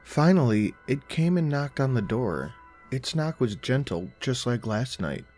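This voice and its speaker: A man narrating a first-person horror story in a calm, conversational storytelling manner. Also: medium pitch, measured pace, faint music behind.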